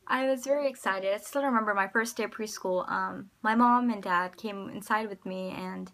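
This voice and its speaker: American woman, casual vlogger, mid-pitched, talks in halting rambly bursts, full of ums. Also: a bit bright. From United States. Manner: rambling and hesitant, many ums and restarts. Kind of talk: casual personal storytelling to camera.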